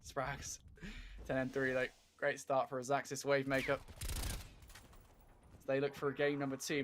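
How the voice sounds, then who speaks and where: A man calls a competitive shooter match in relaxed, joking play-by-play, trading banter with his partner. His voice sits at an ordinary middle pitch, and he laughs easily between calls. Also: background noise. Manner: upbeat, jokey, quick to laugh. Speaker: esports commentator. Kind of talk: casual play-by-play game commentary.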